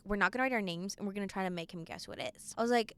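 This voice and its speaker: A teenage girl hosting a podcast, telling stories in a quick, animated, laughing way. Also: medium pitch, clean tone. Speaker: podcast host. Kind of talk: casual chat.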